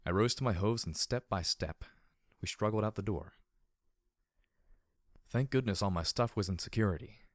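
A man doing steady, low-key first-person audiobook narration. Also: moderate pace, long pauses, no echo, studio quality.

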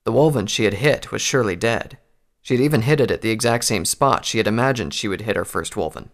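Low gravelly male storyteller. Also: lively intonation, fast talker. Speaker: narrator. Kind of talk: scripted narration of fan fiction.

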